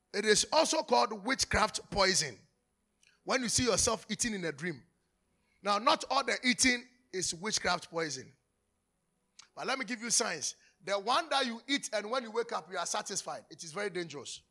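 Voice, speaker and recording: A man preaching, his voice high and bright. He teaches from the pulpit in an animated way, acting out anecdotes and laughing often. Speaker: pastor. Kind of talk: sermon.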